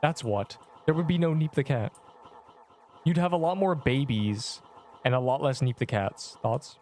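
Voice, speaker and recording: Here a man plays an online game on a live stream, teasing himself and joking with the chat as messages come in. He speaks at a normal speed with a medium-pitched, darkish voice, and there's slight background noise.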